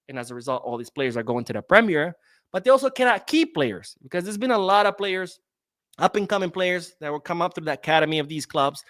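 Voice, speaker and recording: A man's voice: sits high, fairly bright tone, no room sound, clean studio sound. A young man hosting a live-streamed football podcast, ranting sarcastically and reading out viewer comments. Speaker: podcast host.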